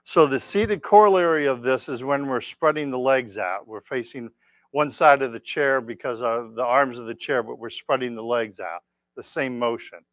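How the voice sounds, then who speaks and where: A man teaching tai chi, calmly calling out each move and counting the steps for his class. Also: mid-range voice, no echo, clean studio sound. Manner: calm, counting out moves slowly. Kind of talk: leading an exercise class. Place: exercise class room.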